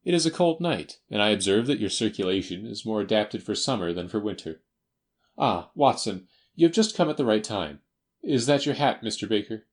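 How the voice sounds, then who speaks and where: A man voicing a self-assured male detective, crisp and precise, in an audiobook reading. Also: fairly low pitch, big pitch swings, normal speed. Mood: brisk.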